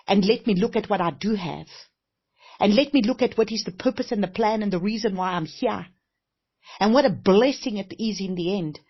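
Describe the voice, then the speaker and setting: A woman's voice: mid-range voice, husky. A woman minister giving a heartfelt, conversational testimony-style sermon, often repeating phrases and saying "you know". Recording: dull lo-fi recording.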